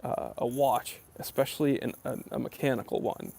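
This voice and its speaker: A watch channel host speaks at a moderate pace in a warm, medium-pitched voice with vocal fry. During his casual live stream he reads the chat aloud and replies in a chatty, wandering manner, filled with ums and uhs.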